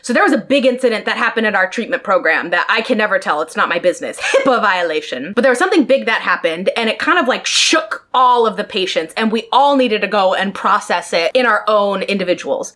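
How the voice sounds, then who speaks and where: A woman telling a personal story to her viewers in a casual, animated way, exasperated and laughing often. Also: mid-range voice. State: emotionally worked up. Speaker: storytime vlogger.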